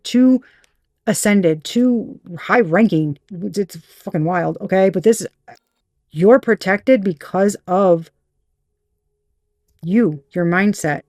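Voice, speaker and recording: A woman's voice: medium pitch, a little mellow, no room sound. Woman, casual tarot reading, profane, laughs a lot, dry close sound. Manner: candid, profane, laughing, acts out quoted voices. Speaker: tarot reader.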